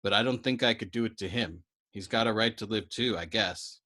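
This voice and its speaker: A man's voice: fairly low pitch, fairly quick. A man voicing a wary, exasperated young male bombardier who talks in urgent bursts in a storybook reading. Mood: doubtful. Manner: urgent, exasperated, trying to hush.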